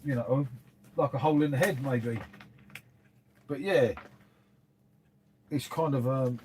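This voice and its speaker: A middle-aged man runs a relaxed livestream from his dim home room, chatting aimlessly and addressing viewers as "mate" while he responds to their messages. He speaks slowly in a mid-range, somewhat dark voice, with a little hiss or hum in the audio.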